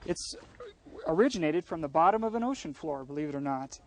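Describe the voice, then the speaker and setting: A man with a fairly high voice guides a visitor through a mountain forest outdoors. He explains patiently and kindly. He often affirms what he is asked before he goes on. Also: lively intonation, a little fast. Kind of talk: explaining to an interviewer.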